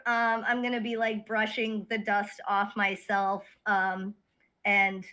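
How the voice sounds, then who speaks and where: Bright-voiced woman playing a tabletop game. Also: medium pitch, completely flat delivery, slow. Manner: casual, playful. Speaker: player.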